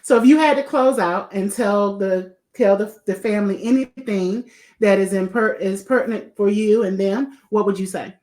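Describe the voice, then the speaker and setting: A middle-aged woman hosts a podcast in a loose, conversational way. She gushes over her guest and says the same praise twice. Her voice sits at an ordinary pitch, neither high nor low. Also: moderate pace. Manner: warm, effusive, repeats praise. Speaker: podcast host. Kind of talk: casual interview chat.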